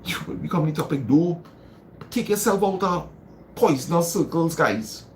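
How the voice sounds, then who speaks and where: Hosting a live stream, a man from Trinidad and Tobago offers casual motivational advice, repeating phrases for emphasis and responding to viewer comments. He speaks at a moderate pace with a somewhat high voice over slight background noise.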